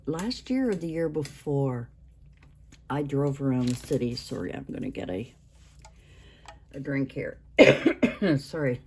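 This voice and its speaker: A woman in her sixties hosting a craft vlog, talking in a rambling, halting way with many restarts. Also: extremely low pitch, animated, darkish tone, slight background noise. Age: 60s. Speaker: craft channel host. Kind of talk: casual show-and-tell vlog.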